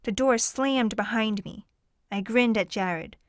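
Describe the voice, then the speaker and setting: Clear, higher-voiced woman narrating. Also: slow, dry recording, studio quality. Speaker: audiobook narrator. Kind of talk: first-person audiobook narration.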